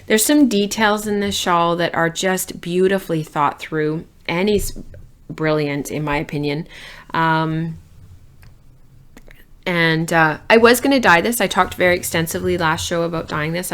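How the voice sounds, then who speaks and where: A woman with a notably low voice talks casually to the camera about her knitting. She is chatty and enthusiastic, with frequent ums and self-corrections, like a relaxed video host. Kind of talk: casual show-and-tell chat.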